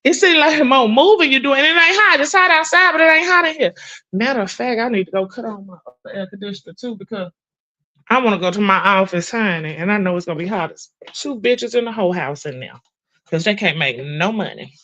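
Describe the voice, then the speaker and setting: Doing chores on a livestream, this middle-aged woman host chats casually, swears freely, and calls viewers honey and girl. Her mid-range voice is expressive with a sharp tone, captured on poor audio. Her storytelling is drawn out and emphatic.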